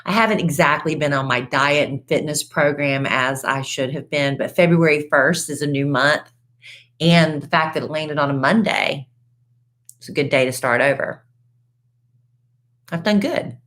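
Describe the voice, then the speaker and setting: A woman's voice: deep voice, normal speed, a bit bright. A woman co-hosting a podcast, chatting casually in a folksy way and calling people "honey" and "y'all.". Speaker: podcast co-host. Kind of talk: casual chat.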